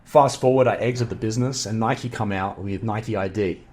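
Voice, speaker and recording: A middle-aged man with an Australian accent, a podcast guest telling a story in a casual, animated way, acting out the voices of the people he quotes. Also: lowish voice, moderate pace. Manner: animated, acts out quoted dialogue.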